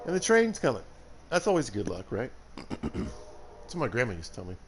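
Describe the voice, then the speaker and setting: A man's voice: mid-range voice, huge pitch swings, moderate pace, a little hiss or hum. Joking Southern man streaming a game. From Alabama. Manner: joking, chatty asides to viewers. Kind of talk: casual gameplay commentary.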